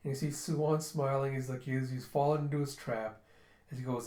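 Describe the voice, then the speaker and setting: A man's voice: mid-range voice, fairly even intonation, a little fast, warm tone. A man casually reading a comic book aloud and narrating it, chatty and full of fillers. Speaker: book reviewer. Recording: roomy echo.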